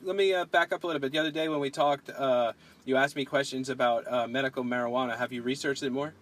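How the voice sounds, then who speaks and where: A man's voice: medium pitch, steady tone, fast, fairly bright tone, low-quality recording. A man hosting a casual podcast chat, rambling with frequent restarts and pushing back on his guest. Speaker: podcast host.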